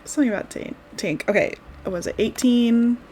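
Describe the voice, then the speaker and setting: A woman's voice: fairly high pitch, fairly quick, a little mellow, a little hiss or hum. Bubbly woman streaming a game. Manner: bubbly, giggly, says y'all. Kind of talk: live gameplay commentary.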